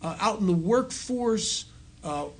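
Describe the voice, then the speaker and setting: A man's voice: high voice, expressive, slow pace, breathy edge. Self-mocking middle-aged man telling stories. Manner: self-mocking storyteller who laughs at his own jokes; conversational, full of restarts and asides to the audience. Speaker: recovery program speaker. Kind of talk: talk to a recovery audience.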